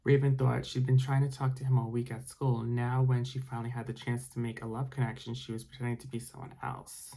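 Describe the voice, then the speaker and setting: A man's voice: medium pitch, little pitch movement, a little fast, hardly any pauses, warm tone, rough recording. A man reading a storybook aloud for ASMR bedtime listening, with chatty, rambling asides. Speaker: storybook reader.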